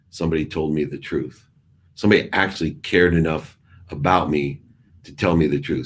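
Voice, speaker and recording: A middle-aged man telling a personal story with emphasis, swinging from loud bursts to hushed asides and acting out the exchanges he quotes. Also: rumbling low. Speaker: speaker telling his life story.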